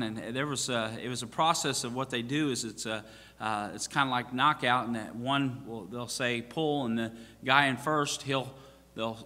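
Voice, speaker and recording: Pastor guy joking about losing at cornhole, uh-filled, bright sharp voice, big church echo. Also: mid-range voice. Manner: joking, self-mocking, many fillers and restarts. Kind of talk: storytelling from the pulpit. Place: church sanctuary. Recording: long church reverb.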